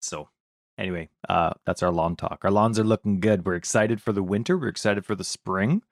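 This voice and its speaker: A man's voice: low voice, a little fast, dry recording. A man co-hosting a casual podcast, goofy and teasing, close to the mic. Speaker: podcast co-host.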